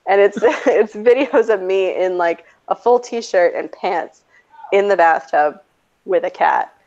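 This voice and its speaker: A woman's voice: medium pitch, slow pace. A young adult woman, a preschool teacher, telling funny classroom stories in casual chat and acting out what people said. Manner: animated anecdote telling, acting out quotes with laughs. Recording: dull lo-fi audio.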